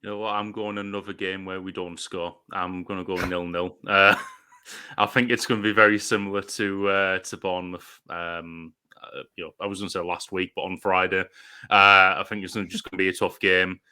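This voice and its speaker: A man co-hosts a football podcast in a deadpan, gloomy way. His voice is very deep and flat, yet crisp and bright, recorded close in a dry space. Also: moderate pace, no room sound. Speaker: podcast co-host. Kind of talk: casual football chat.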